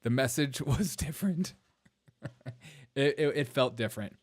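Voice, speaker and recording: A man hosting a livestream commentary show, animated and giggly, laughing through his words. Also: mid-range voice, measured pace. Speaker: show host.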